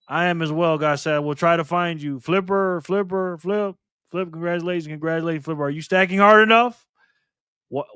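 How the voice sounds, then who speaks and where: A man hosting a casual livestream, calling out viewers and donations with upbeat shout-outs. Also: fairly high pitch, smooth, dry recording, studio quality. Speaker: livestream host.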